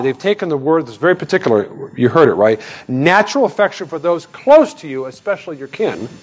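A middle-aged pastor giving a sermon in a loose, conversational way, full of restarts and asides, jumping sharply higher in pitch when he stresses a point. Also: low-quality recording.

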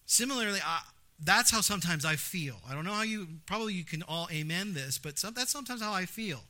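A man's voice: sits high, quick pace. A man in his thirties, a pastor preaching a sermon, telling stories with acted-out exclamations and stressing points by repeating phrases. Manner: animated storytelling with acted-out exclamations.

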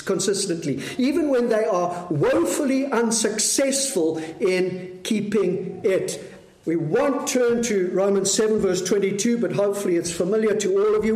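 Man, preacher, sermon, slow and measured, asks the congregation questions, echoey room. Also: high voice, darkish tone.

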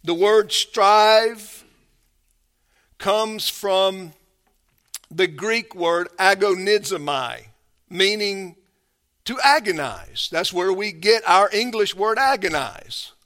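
A man preaching a sermon, emphatic and drawn out, who swings between hushed and forceful passages and often repeats himself. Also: high-pitched, animated, slow. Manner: repeats words and restarts often. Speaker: pastor.

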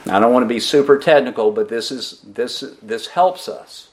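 A man preaching a sermon as a pastor, slow and deliberate, asking the congregation questions and answering them himself, with emphatic pauses on key words. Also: mid-range voice, animated. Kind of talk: expository sermon.

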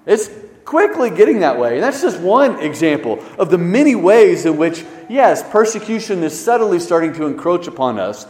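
A man preaching a sermon as pastor, swinging between loud emphasis and hushed, low stresses. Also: big pitch swings, moderate pace. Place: church sanctuary. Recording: echoey church hall.

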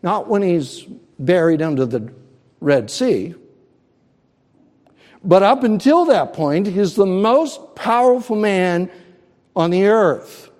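Guy preaching a sermon, kinda high voice, slow and emphatic, big echoey room. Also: big pitch swings, a little mellow. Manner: earnest, emphatic preaching with pauses. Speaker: pastor.

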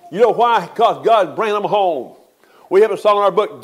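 Older man, high-voiced pastor; folksy funeral sermon with emphatic swells. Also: lively intonation, quick pace.

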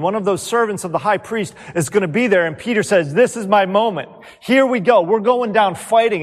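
A man preaching a sermon with earnest rhetorical questions, letting key words fall quiet. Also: high voice, big-room sound.

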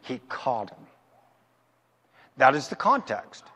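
A man preaching a sermon as pastor, asking rhetorical questions and answering them himself, slowing down to stress his points. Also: mid-range voice, sing-song, pushed and bright, breathy edge, big-room sound. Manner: emphatic, slows down to stress points.

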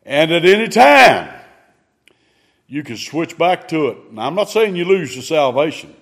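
Slow, folksy preacher man. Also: on the high side, sing-song. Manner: folksy, conversational, swings from loud to hushed. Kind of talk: sermon.

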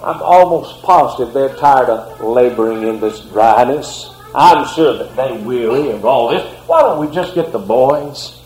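A preacher acting as a worried husband pleading. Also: male voice, medium pitch, animated, unhurried, few pauses, darkish tone. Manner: pleading, earnest, repeated coaxing. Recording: echoey room.

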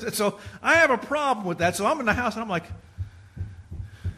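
A man's voice: high voice, lively intonation, a little fast, sharp tone, slightly rough. A man preaching a sermon as pastor, talking to the congregation in a conversational way with asides. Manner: conversational preaching with asides and quoted inner voices.

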